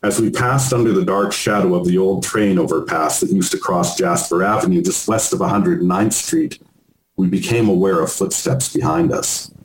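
A man reads aloud from his own memoir in a measured storytelling voice, pitched on the low side. The recording sounds roomy, with a faint hiss behind it. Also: animated. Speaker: author reading his memoir. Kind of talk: memoir reading.

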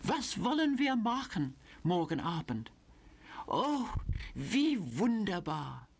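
A man's voice: high-pitched, sing-song, takes it slowly, creaky, breathy edge, voice pushed up, heavily acted. A man voicing a gushing, affected young English actress and cabaret singer. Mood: cooing.

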